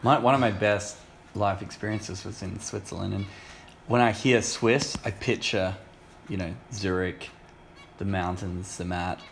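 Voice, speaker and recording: Low-voiced guy, dry jokey storyteller, casual chat, bit of hiss. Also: unhurried, gravelly.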